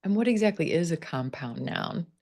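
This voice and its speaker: A woman teaching an online pronunciation class, drilling words slowly and clearly over a video call. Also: on the low side, expressive, mellow. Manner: slow, clear drilling of word stress. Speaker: pronunciation coach.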